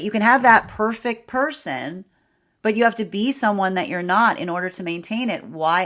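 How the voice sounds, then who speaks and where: A woman giving a live tarot reading in a chatty, animated way. She keeps asking "right?" and laughs often. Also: fairly low pitch. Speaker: tarot reader.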